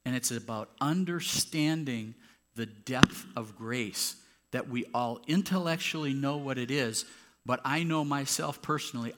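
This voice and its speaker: Preaching from the sanctuary, this pastor keeps a conversational tone but presses hard on key points. He has a medium-pitched, fairly bright voice, with slight background noise and popping from a handheld or clip mic.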